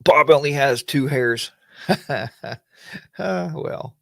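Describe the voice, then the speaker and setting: A man's voice: a little high, very slow, gravelly, fairly bright tone, no echo. A man hosting a casual weekly livestream chat, rambling in a folksy way and greeting viewers by name.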